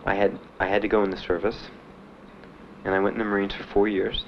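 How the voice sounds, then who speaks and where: A man being interviewed about his time in the service, telling his story in a halting, plainspoken way with many fillers. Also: lowish voice, flat delivery. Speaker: veteran interviewee. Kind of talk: documentary interview. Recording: dull archival recording with faint hiss.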